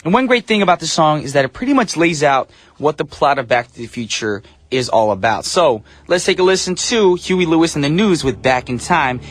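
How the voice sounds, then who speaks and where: A man's voice: fairly high pitch, animated, a little fast, hardly any pauses. A male radio DJ hosting a show from the studio in casual, upbeat, slightly goofy patter. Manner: upbeat, chatty, a little goofy. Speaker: radio DJ host.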